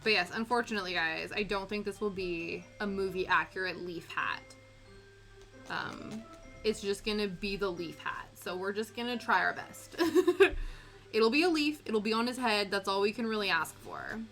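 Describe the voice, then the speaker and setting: A young woman with an English Canadian accent chats easily with her stream audience, answering questions between tasks. Her voice has a bright, forward tone at a middling pitch. Faint background music plays under her talk. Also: moderate pace. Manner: chatty, laughs often, answers chat. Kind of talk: casual chat while crafting. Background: quiet background music.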